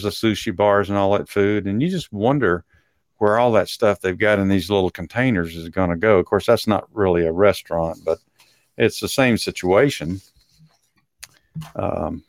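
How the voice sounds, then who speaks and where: A man co-hosts a relaxed talk show from a dry, close-sounding spot, his voice on the low side. He reads news stories aloud, stumbling now and then and breaking off to joke. A Texan accent sometimes shows through. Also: no echo. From Texas. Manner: reads articles aloud with asides and chuckles. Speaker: co-host. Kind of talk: casual talk show chat, reading news items.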